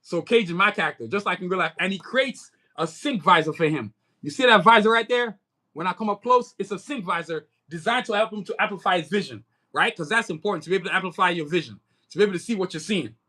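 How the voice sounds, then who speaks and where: A man's voice: high voice, lively intonation, fast talker, sharp tone. A man with an American accent touched by Nigerian, chatting loosely on a livestream in a slangy, rambling way. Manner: slangy, rambling, keeps saying "you know what I'm saying". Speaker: livestream host and comic creator. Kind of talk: casual livestream chat.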